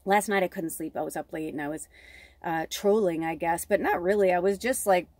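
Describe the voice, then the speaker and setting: A woman's voice: fairly low pitch, a little fast, a little mellow, dry recording. A middle-aged woman from the south suburbs of Chicago, giving a casual spiritual tarot reading, rambling off on tangents and swearing freely. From south suburbs of Chicago, USA. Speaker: tarot reader and medium.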